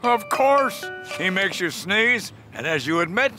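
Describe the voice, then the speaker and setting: A man voicing a pompous older cartoon doctor who talks slowly and smoothly in leading questions. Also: high-pitched, sing-song. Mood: coaxing. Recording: cartoon soundtrack with music.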